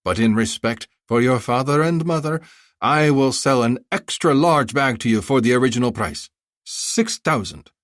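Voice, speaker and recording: A flattering, effusive bazaar vendor, voiced by a man narrating a thriller audiobook, pitched well above his own voice and swinging up and down as he haggles. The sound is close and dry. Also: moderate pace, no room sound, natural voice. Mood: wheedling. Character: fawning chatty male bazaar vendor.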